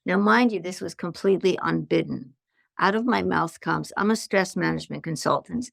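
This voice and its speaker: Gravelly-voiced older woman telling stories. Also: lowish voice, normal speed, no echo, clean studio sound. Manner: animated anecdotes with acted-out quotes. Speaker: guest, stress management consultant. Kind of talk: storytelling in a podcast interview.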